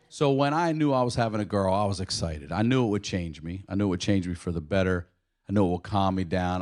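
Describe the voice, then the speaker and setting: Young male stand-up comic, conversational, with shrill high outbursts. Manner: loud squealing voice when acting out his own yelling. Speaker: stand-up comedian. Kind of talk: stand-up set. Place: comedy club stage.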